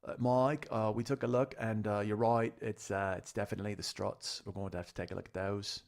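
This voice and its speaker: Man impersonating a laid-back male mechanic, low and mumbly, put-on foreign accent, gravelly. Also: steady tone, a little fast, a little mellow. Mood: matter-of-fact.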